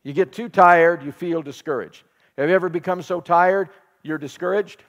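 A man's voice: sits high, normal speed, in a large hall. A man preaching a sermon. He repeats phrases for emphasis and puts questions to the congregation. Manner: laughs while telling a home story. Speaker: pastor.

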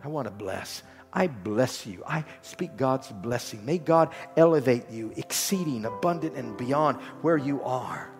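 Man preaching in a big echoey hall, soft music underneath, repeats lines over and over. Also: mid-range voice, animated, measured pace, hardly any pauses. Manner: rhythmic repetition, rising to exhortation then dropping soft. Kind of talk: sermon. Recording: long hall reverb with faint music.

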